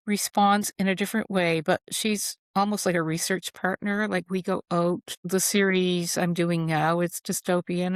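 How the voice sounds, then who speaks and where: A woman author being interviewed at home shares heartfelt stories in a casual, wandering way, often stopping to restart her sentences. She has a fairly low voice, and the sound is dry and close-miked with no room ambience.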